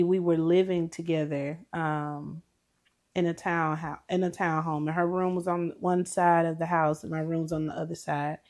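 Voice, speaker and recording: A woman's voice: low-pitched, a little mellow. A woman co-hosting a podcast, telling an earnest, emotional story about a friend in casual chat. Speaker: podcast co-host.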